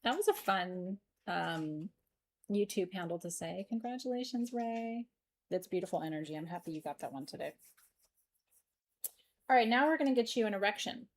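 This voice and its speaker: A woman's voice: mid-range voice, animated, normal speed, slight background noise. A middle-aged woman hosting a live stream sale, joking and laughing as she shows off stones. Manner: playful, giggly, jokey. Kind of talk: live-stream sales chat.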